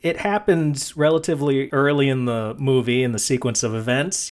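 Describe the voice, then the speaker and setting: A man hosting a casual movie podcast, wry and quick to laugh as he asks his co-hosts questions. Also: medium pitch. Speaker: podcast host.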